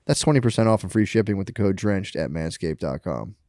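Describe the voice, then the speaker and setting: A man's voice: sits low, animated, brisk, darkish tone, dry recording, clean studio sound. A man co-hosting a podcast, reading a sponsor ad in a playful, joking way. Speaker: podcast co-host. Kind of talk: casual podcast banter and read ad.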